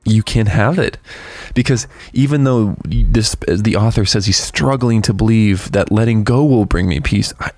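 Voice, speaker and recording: A man giving an earnest, candid devotional talk as a preacher, halting and restarting as he reflects. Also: fairly low pitch, darkish tone, no room sound. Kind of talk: devotional talk on a worship song. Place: outside a church.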